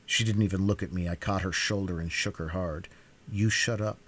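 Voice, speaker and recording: Very deep-voiced male reader. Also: fairly even intonation, brisk, a bit bright. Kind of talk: cold-read audiobook narration.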